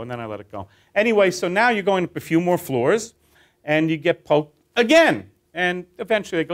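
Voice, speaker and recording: Lively, high-voiced male trainer telling a story. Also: fairly quick, smooth. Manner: animated, addresses listeners with questions. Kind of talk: guided teaching tale for a class.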